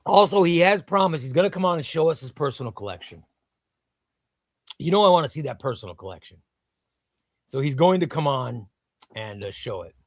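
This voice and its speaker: A man hosting a comics livestream, talking loosely and reading viewer comments off the screen. His voice sits a touch high for a man. The sound is dry and close, with no room around it. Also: expressive, brisk, long pauses, no echo. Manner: chatty, reads viewer comments aloud; hypes sponsor in a shouted ad read. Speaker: livestream host. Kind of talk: casual livestream chat.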